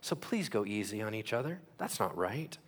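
A man preaching a sermon as pastor, asking the crowd questions and acting out quick voices. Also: on the low side, very animated, slightly rough.

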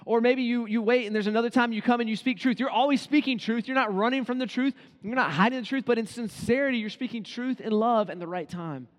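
High-voiced pastor preaching in reverberant hall. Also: male voice, fast, hardly any pauses. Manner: conversational preaching, acts out quoted inner voices. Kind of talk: sermon.

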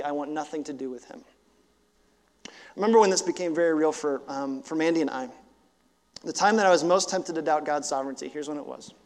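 A man preaching a sermon as a pastor, storytelling earnestly and asking rhetorical questions, with casual fillers. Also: fairly high pitch. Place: church sanctuary. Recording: long church hall reverb.

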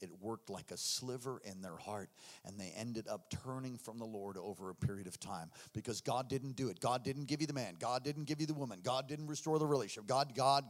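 A man preaching a sermon, telling his story with acted-out voices and shouts. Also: mid-range voice. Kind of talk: sermon testimony.

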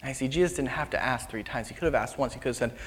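Man, preacher, storytelling sermon, conversational, mid-pitched, long hall reverb. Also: rapid-fire. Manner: casual and conversational, drops to hushed tones.

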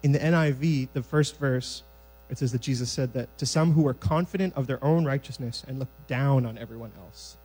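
A man preaching a sermon in a church sanctuary, conversational and lively, acting out scenes from scripture. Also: mid-range voice, fairly quick, soft background music, low-quality recording.

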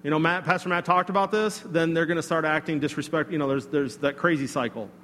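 A man preaching a sermon, telling a personal story in a conversational, animated way with asides to the congregation. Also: a little high, fast, big-room sound, slight background noise. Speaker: pastor.

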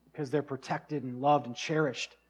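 A man's voice: medium pitch, fairly even intonation, moderate pace, slightly rough. A middle-aged man preaching a sermon as pastor, earnest and conversational, with bursts of emphasis.

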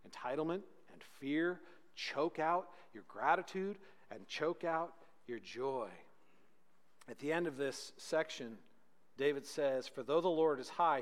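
A man preaching a sermon as pastor, swinging between loud emphatic peaks and hushed, slow lines. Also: mid-range voice, long reverb tail.

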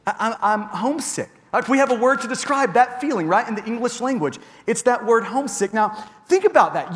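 A high-voiced man in his thirties preaches with earnest warmth, often doubling words as he eases into a thought. His voice carries a long reverb from the church sanctuary around him. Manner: earnest, repeats words when starting phrases. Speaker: pastor. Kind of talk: sermon.

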